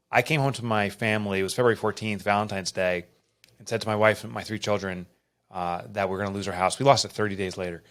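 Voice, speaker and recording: A middle-aged man, an author and podcast guest, telling a personal story in an earnest, emotional and animated way. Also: on the low side. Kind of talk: candid storytelling interview.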